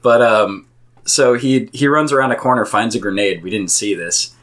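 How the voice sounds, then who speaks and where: A man's voice: fairly low pitch, moderate pace, a bit bright. A man co-hosting a casual podcast chat, telling rambling stories full of "like". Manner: rambling storyteller, lots of "like". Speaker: podcast co-host.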